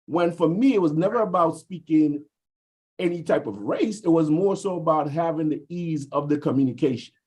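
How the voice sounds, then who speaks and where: A man's voice: fairly high pitch, animated, normal speed, a little mellow, slightly rough. A man from the US Virgin Islands, talking over a video call in a casual group discussion and explaining at length with frequent fillers.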